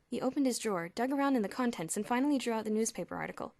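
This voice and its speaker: A woman's voice: fairly high pitch, animated, racing, vocal fry, a little mellow, no room sound, clean studio sound. A woman narrating an audiobook expressively, with audible lip-smacking. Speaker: audiobook reader. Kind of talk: storybook narration. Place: home room with traffic nearby.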